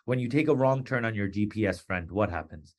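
Guy hosting a motivational podcast, lively and playful, jumps into little character voices. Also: a little fast. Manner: animated, playful, with wrestling and pop-culture asides; acts out quoted voices with sudden pitch jumps. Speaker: podcast host.

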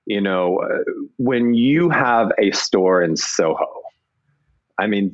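A man's voice: fairly low pitch, dry recording, lo-fi sound. A man being interviewed about his business, telling his story casually with many restarts and acted-out quotes. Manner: rambling, restarts, acts out quoted people. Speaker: entrepreneur guest.

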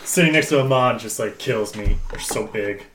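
A man playing a tabletop game, teasing and quick to react. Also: mid-range voice, fairly bright tone, slight background noise. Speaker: player. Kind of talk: tabletop game role-play.

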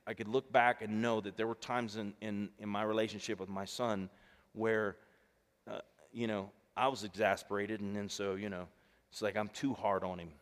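A middle-aged male pastor preaching a sermon in a relaxed, conversational way, telling family stories and acting out the dialogue. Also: lowish voice. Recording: long reverb of a large hall.

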